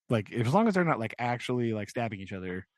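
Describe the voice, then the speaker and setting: In a casual book-discussion podcast, a young male co-host recaps the story in a loose, rambling way, filling it with "like" and checking in with "right?" again and again. His voice is mid-range, with no echo.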